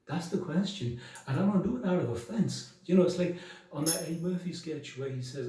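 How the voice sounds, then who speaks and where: A man's voice: on the high side, animated, normal speed, warm tone, far from the mic. A man talking straight to his viewers in an emphatic, preachy way, firing off rhetorical questions. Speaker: video blogger. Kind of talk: monologue to camera. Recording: very echoey room, voice from the mic.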